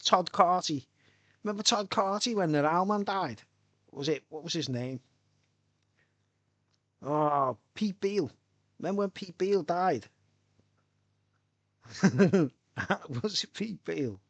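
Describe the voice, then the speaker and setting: A man's voice: high voice, expressive, slow pace, long pauses, fairly bright tone, no room sound. A man chatting casually on a live stream, rambling and chuckling between thoughts.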